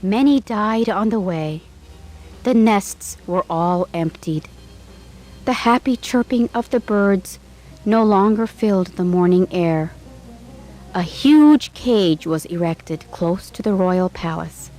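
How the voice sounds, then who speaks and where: A woman narrating a fairy tale in a measured storybook manner. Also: mid-range voice, mellow. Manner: slow and measured. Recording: faint music behind.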